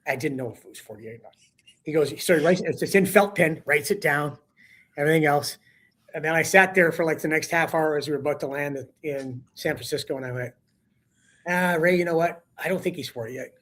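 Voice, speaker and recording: Brief: male hockey broadcaster guest, lively raconteur, slightly high voice, talk-show chat. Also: brisk. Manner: animated storyteller, acts out quotes with rising voice. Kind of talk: casual storytelling on a sports talk show.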